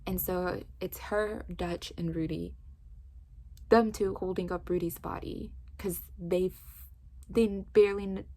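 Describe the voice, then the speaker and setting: A woman recapping a book's plot in casual chat, telling it with lively energy and many fillers like "like". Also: lowish voice, slow pace. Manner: animated storytelling with frequent "like". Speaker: book reviewer.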